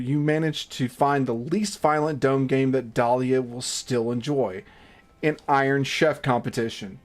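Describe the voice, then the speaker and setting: A man's voice: medium pitch, fairly even intonation, unhurried. A man streaming a game, narrating it with jokes, frequent swearing and theatrical outbursts. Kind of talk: casual live-stream chat and game narration.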